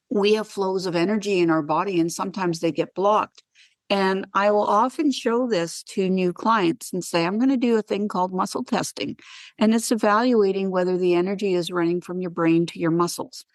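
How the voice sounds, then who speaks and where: A woman talks as a guest on a wellness podcast and tells her stories with animated, acted-out dialogue. Her voice sits at a middle pitch. It is recorded dry and close, with no room sound. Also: no room sound. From Canada. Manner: animated storyteller who acts out dialogue. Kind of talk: podcast interview.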